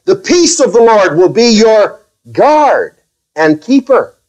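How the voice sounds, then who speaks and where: A man preaching a sermon as pastor to his own congregation, speaking carefully, with restarts and wry, gently sarcastic asides. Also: sits high, big pitch swings, takes it slowly, rough recording.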